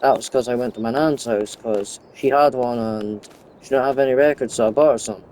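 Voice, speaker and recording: A man's voice: medium pitch, brisk, a little mellow, a little hiss or hum. A young man giving casual, rambling commentary while playing a farming game, often drifting off topic. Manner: rambling, chatty, goes off topic. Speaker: gaming YouTuber.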